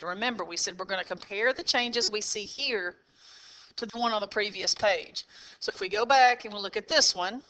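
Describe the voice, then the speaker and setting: A woman's voice: mid-range voice, pushed and bright, poor audio. A woman teaching a math class, explaining step by step and checking in with "okay?". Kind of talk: classroom lesson walkthrough.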